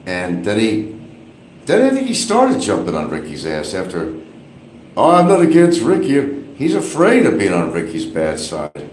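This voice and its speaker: Male streamer, low-pitched and animated, rambles gossip from an echoey bathroom with a fan humming. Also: moderate pace, slight background noise. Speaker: live streamer. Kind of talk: casual rambling commentary. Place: small bathroom with an exhaust fan running.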